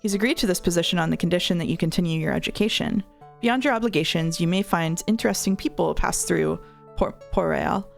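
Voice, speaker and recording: A courteous, formal abbess from a game, read aloud by a woman streamer. The voice is low with a gravelly fry. She speaks kindly and properly.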